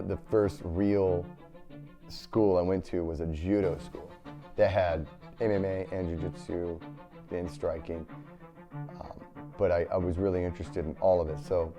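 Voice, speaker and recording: A man, a jiu-jitsu black belt, telling a story in a casual, animated way, acting out quotes and often restarting his sentences. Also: fairly low pitch. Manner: animated, acts out quoted speech; lots of repeated words and restarts.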